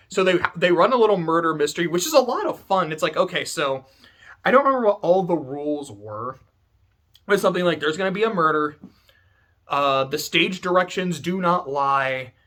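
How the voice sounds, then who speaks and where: This video essay host, a man recording in a room at home, has a fairly high, animated voice with a bright, forceful tone at moderate speed. He tells a story in loose, chatty commentary, cursing often and leaning heavily on "like" as filler.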